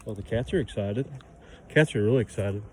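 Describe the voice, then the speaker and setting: A man's voice: lowish voice, fairly quick. Chatty man vlogging outdoors. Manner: chatty, playfully dramatic. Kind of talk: casual outdoor vlog. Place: outdoors on a snowy, windy farm. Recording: wind noise outdoors.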